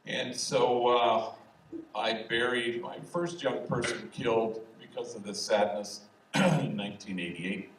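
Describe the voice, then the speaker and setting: A man in his sixties, a priest telling humorous stories in a public talk at a university event hall. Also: medium pitch. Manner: humorous, anecdotal, unhurried. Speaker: priest and speaker. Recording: echoey hall, distant mic, faint hiss.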